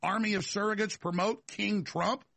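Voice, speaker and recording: A man's voice: sits high, fairly even intonation, normal speed, creaky, a bit bright, no room sound. A man hosting a talk show, delivering a rambling, emphatic political monologue full of restarts and repeated words.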